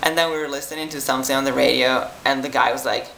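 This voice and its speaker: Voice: mid-range voice, fairly even intonation, fast, vocal fry, pushed and bright, echoey room, a little hiss or hum, rough recording. A tired young adult from Italy, chatting casually to viewers in a rambling vlog full of "like" and "um". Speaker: vlogger.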